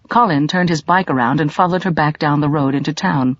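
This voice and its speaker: A woman narrating a mystery audiobook in an expressive, storytelling manner. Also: low-pitched, a little fast, no room sound, muffled recording.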